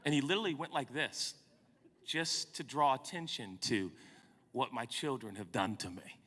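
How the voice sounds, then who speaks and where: A man's voice: mid-range voice, normal speed, sharp tone. A man in his forties, a pastor telling a comic, self-mocking story during a sermon. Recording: long hall reverb.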